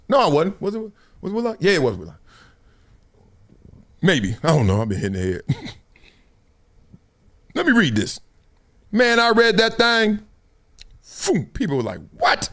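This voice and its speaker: Animated high-voiced man telling stories. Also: moderate pace, long pauses. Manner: animated storytelling, acts out quoted voices. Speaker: show host. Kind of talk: casual commentary to camera.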